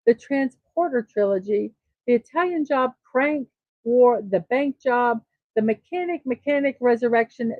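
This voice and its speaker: A woman's voice: a little high, no echo, narrow, tinny audio. A woman hosting a daily morning show, chatting casually and reading off birthday lists with self-deprecating asides. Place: East Coast of the United States.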